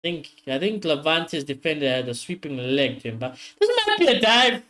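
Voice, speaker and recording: Excitable man commentating a football watchalong. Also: fairly high pitch, brisk. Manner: excitable, swears often, talks straight to viewers.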